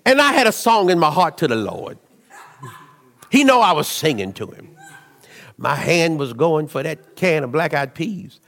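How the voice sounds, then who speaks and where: A man preaching a sermon, telling stories in an animated way, dropping to low asides and rising to shouts. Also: unhurried, pauses often, big-room sound.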